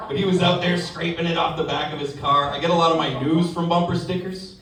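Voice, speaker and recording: A man doing an animated stand-up set, acting out characters, recorded from a distance in an echoey comedy club with a loud crowd. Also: fairly high pitch, fast, few pauses.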